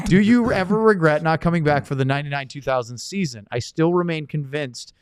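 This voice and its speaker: A man's voice: fairly high pitch, moderate pace, clean tone. A man hosting a casual podcast chat, running the show and reading listener questions aloud. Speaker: podcast host.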